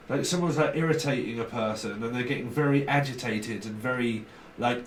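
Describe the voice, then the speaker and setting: A man's voice: medium pitch, brisk, few pauses, reverberant, far from the mic, slight background noise, rough recording. A man giving a casual tarot reading, rambling and blunt, swearing freely. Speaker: tarot reader.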